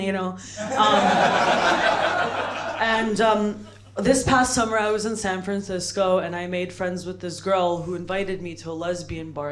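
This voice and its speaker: A woman's voice: lowish voice, steady tone, normal speed, slight background noise. A young American woman doing stand-up at an open mic, rambling and self-mocking with lots of "like" and "bro". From United States. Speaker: stand-up comedian. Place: comedy club stage, London. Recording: live club audience audible. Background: audience laughing.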